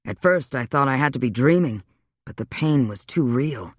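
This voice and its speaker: A man voicing a weary, wry male vampire, speaking low and subdued in a dry audiobook reading. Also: expressive, moderate pace, no room sound, lightly acted. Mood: rueful.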